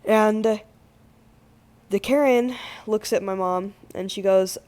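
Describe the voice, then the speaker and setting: A man casually telling a story to his channel audience, full of slang, swearing and filler words, with animated, exaggerated turns of phrase. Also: high voice, slow pace, long pauses, clean tone. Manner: slangy, swears freely, lots of "like". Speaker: gaming channel host.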